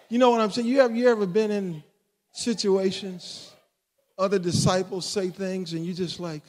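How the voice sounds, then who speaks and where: A middle-aged man preaching a sermon, swinging between fervent shouting and hushed, joking asides. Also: sits high, moderate pace. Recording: long hall reverb.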